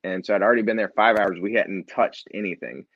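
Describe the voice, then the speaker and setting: Low-voiced man telling a story. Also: brisk, dry recording, muffled recording. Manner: animated storyteller, acts out quoted dialogue. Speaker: guest, nonprofit founder. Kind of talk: storytelling in a casual interview.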